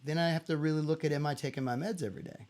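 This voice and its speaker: A man's voice: on the high side, very fast, a little mellow. A middle-aged man hosting a casual livestream from his home, answering viewers' questions openly, with many fillers and restarts. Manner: open, rambling, candid, with many fillers and restarts.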